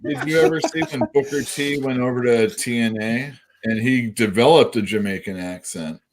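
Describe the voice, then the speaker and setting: A man co-hosting a casual wrestling podcast, chiming in with quick, wry remarks. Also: medium pitch, very animated, gravelly, a little hiss or hum. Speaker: podcast co-host.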